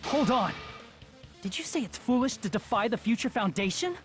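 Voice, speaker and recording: Voice actor as a sharp young student. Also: mid-range voice, expressive, normal speed, faint music behind, natural voice. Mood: accusing.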